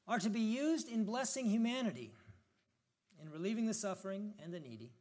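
Male preacher, high voice, casual reflective sermon, reads scripture with rising emphasis. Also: sing-song, normal speed, darkish tone. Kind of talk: informal sermon with scripture reading.

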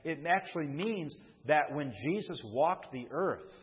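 Husky guy preaching a sermon in a big church, long echo, kinda muffled sound, keeps asking the crowd for an amen. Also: on the high side, expressive, a little slow. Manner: calls out to the congregation for responses; repeats and restarts phrases while preaching. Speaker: pastor. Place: church sanctuary. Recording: long hall reverb, dull muffled sound.

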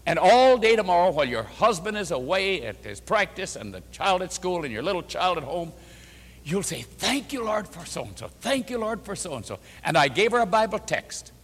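An older male pastor preaches with a lively, swooping voice, acting out the people in his story. His words ring out in a large hall with a long echo. The pitch sits a little high for a man. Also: normal speed. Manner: emphatic, repeats phrases for rhythm, acts out quoted speech. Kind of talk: sermon with storytelling. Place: church or meeting hall before an audience.

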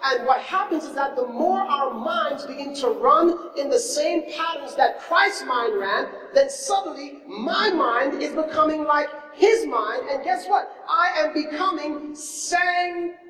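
A male pastor preaching a sermon, telling a story with lively swings from loud exclamations to hushed asides. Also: extremely high pitch, measured pace, few pauses. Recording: echoey hall, mic from far off.

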